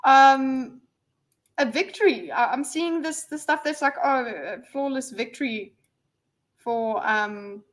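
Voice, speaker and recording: A woman hosts a casual livestream, her voice high-pitched, slow and a bit bright. She rambles and reads viewers' messages aloud, with lots of fillers and restarts.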